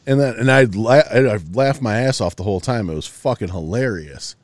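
A man with a low voice tells a rambling story on a podcast, swearing often and stumbling over his own sentences. He sounds worn out and yawny. The sound is close and dry, with no room echo. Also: fairly quick. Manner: loose, profane storytelling with frequent restarts. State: yawning, tired. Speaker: podcast co-host. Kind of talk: casual chat.

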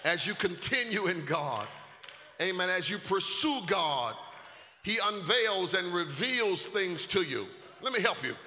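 Preacher guy, pretty high and bright, shouts to the congregation, big hall reverb. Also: sing-song, measured pace, slight background noise. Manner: call-and-response preaching, swells to shouting. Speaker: pastor. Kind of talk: sermon. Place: church sanctuary. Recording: echoey hall.

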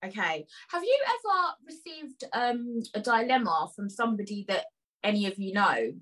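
A woman in casual podcast chat, reading out listener dilemmas in an animated, incredulous way. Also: mid-range voice, normal speed, low-quality recording.

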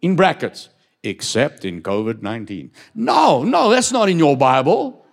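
A male pastor preaches with a fairly high voice, pressing hard on his declarations until they ring out. He slows right down for scripture and throws questions back at the listeners. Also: sing-song, vocal fry. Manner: emphatic preaching, rising loud on declarations, dropping low to read scripture; asks the congregation questions. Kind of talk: sermon.

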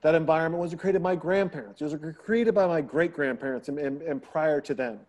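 A fairly high, slightly fast voice belongs to a middle-aged man telling family stories in an easygoing podcast conversation. He brings them to life by acting out quoted voices, his daughter's among them.

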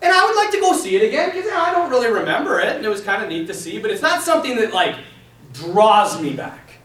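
Animated priest telling a story in a roomy hall. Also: male voice, high voice. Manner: animated, laughs often, acts out quotes. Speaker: Catholic priest speaking to a group. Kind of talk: casual talk with a story. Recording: roomy hall, distant mic.

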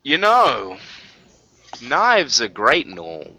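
A man's voice: medium pitch, wildly swooping pitch, slow, bright, forceful tone. A man narrating a tabletop game as game master, loose and casual with frequent fillers.

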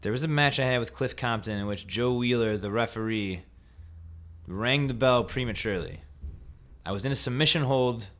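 A man's voice: medium pitch, moderate pace, fairly bright tone. A man guesting on a podcast, telling playful stories in casual chat. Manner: playful storyteller, jokey.

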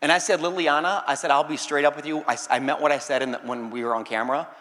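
Bright animated male pastor preaching. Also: fairly high pitch, quick pace, long reverb tail. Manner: animated preaching, rising to shouts and laughing asides. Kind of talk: sermon.

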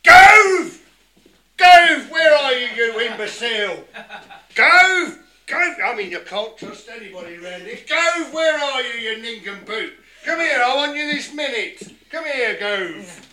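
A man's voice: high-pitched, fairly even intonation, fast, few pauses, reverberant, noisy background, lightly acted. A man playing a pompous, bad-tempered, greedy old king who bellows insults at his servant. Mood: impatient, bellowing.

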